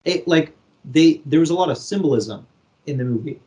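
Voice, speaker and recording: A man co-hosting a podcast, casually retelling a film plot with lively acted-out quotes. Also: fairly high pitch, moderate pace. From Canada. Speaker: podcast co-host. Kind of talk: casual chat.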